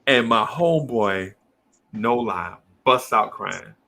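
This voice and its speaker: A man's voice: lowish voice, animated, slow, creaky, bright, forceful tone. A middle-aged man telling a childhood story in casual chat, acting out the people in it with lots of slang. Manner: acts out teachers and kids in quoted voices, heavy slang.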